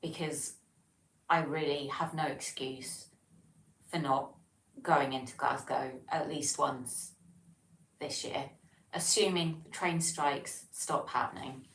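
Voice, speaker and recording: Woman, English accent, low pitch, slow pace, rambling chat, roomy echo, distant mic. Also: steady tone, a bit bright, a little hiss or hum. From England. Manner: rambling, frequent ums and self-corrections. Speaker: livestream host. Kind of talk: casual chat reading out viewer comments. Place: home, living alone.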